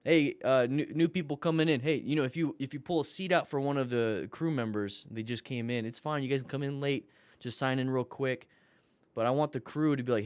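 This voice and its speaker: A man's voice: medium pitch, a little fast, smooth, no room sound. A man teaching a live-streamed motorcycle class, joking with viewers and coaching in an upbeat way. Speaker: motorcycle riding instructor. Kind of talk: live-streamed class reviewing riding videos.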